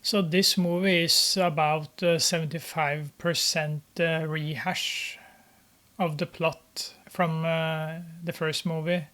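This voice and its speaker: A film commentator talks through a movie as it plays, in an unhurried, casual way. The voice stays flat and even, with little rise or fall. Frequent pauses and fillers break up the thoughts. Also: medium pitch. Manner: hesitant, many filler pauses. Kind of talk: casual running commentary while watching a film.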